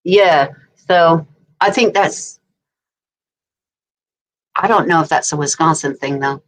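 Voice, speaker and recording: Chatty English woman with a low voice. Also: slow pace. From England. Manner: chatty and rambling, laughing often. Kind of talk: casual livestream chat.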